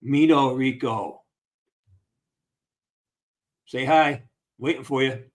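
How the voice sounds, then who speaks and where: A man's voice: mid-range voice, takes it slowly. A man hosting a casual live-stream Q&A with fans over a video call, upbeat, encouraging and a bit rambling. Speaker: actor hosting a fan Q&A.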